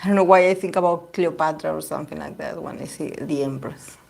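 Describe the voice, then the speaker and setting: A woman's voice: low-pitched, fast, vocal fry, darkish tone. A woman whose first language is Spanish, giving a casual tarot reading to camera and often searching for words. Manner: hesitant, searching for words, many fillers. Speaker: tarot reader.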